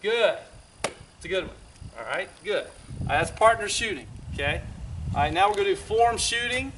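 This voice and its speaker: A man with a notably high voice coaches basketball shooting drills outside, calling short, upbeat cues as his player shoots. A faint hiss of outdoor noise sits under his voice. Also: expressive, fairly bright tone. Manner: encouraging coaching patter with quick cues. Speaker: parks and recreation director coaching basketball.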